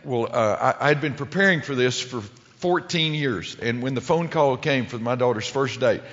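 A man's voice: medium pitch, moderate pace, a bit bright. Rambling middle-aged male storyteller, reverby hall. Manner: rambling, with many restarts and stumbles. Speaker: public speaker telling a story. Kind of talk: humorous storytelling to a live audience. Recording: lo-fi recording with long hall reverb.

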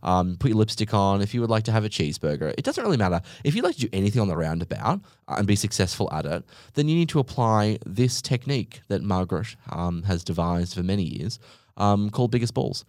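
A man's voice: fairly low pitch, very animated, fast, a little mellow, dry recording, studio quality. A young man hosting a podcast, ranting comically with sarcasm, exaggeration and swearing. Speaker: podcast host. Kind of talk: comedic monologue rant.

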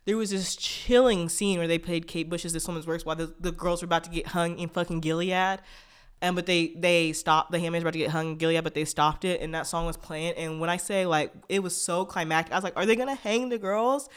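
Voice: medium pitch, little pitch movement, a bit bright, smooth. Blunt, profane solo podcast host. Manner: blunt, profane, fast tangents. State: stuffy nose from allergies. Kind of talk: casual solo podcast rant.

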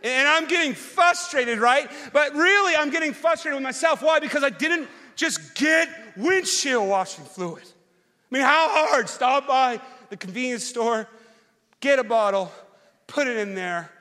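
A man preaching as pastor, telling an animated personal story that swings from loud rants to quiet, earnest reflection. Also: extremely high pitch, measured pace. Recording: long hall reverb.

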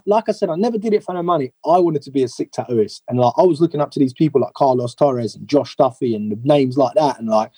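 A man, a tattoo artist, telling stories about his career in a casual, animated way as an interview guest. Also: fairly high pitch, slightly rough, no echo, rough recording. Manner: animated, acts out quoted voices.

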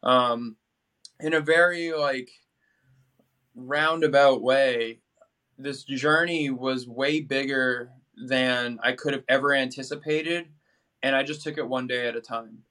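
A young man from New England talks in a casual interview. He sounds energetic and chatty, and he leans on fillers and restarts as he goes. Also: mid-range voice, takes it slowly. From New England, USA. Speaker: podcast guest.

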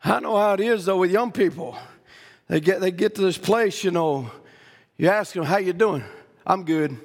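A middle-aged man from Louisiana with a Southern accent, preaching a sermon in a folksy storytelling way with many restarts, rising to shouted climaxes. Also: sits high, normal speed, in a large hall.

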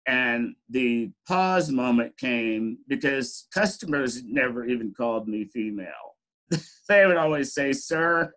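A man's voice: mid-range voice, fairly bright tone, rough recording. A middle-aged man, an interview guest, telling personal stories in a candid way, laughing often and saying "you know" a lot. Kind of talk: reflective personal storytelling.

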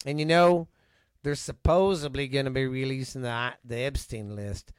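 Co-hosting a laid-back podcast full of profanity, this middle-aged Texan rants with heavy swearing. He speaks at normal speed in a medium-pitched, clear, resonant voice with fairly even intonation, and the studio recording is clean with no room sound.

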